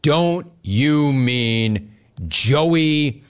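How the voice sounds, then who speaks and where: A man's voice: on the high side, expressive, very slow, clear, resonant tone. A man hosting a sports talk show, reading chat comments and teasing fans with sarcastic rhetorical questions between bursts of laughter.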